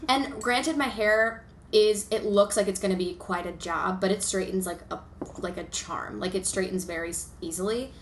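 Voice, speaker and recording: A woman's voice: mid-range voice, normal speed. Woman co-host telling stories animatedly. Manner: animated storyteller, acts out quoted voices. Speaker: podcast co-host. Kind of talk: casual chat. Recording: roomy sound, faint background noise.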